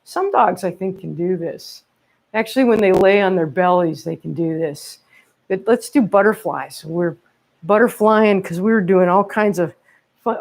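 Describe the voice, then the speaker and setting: Running a children's yoga class inside a library, the woman wears a microphone and keeps things chatty, cheerful and encouraging, regularly checking in with okays and laughing with the kids. She sounds animated, with a mid-range, darkish voice at a measured pace.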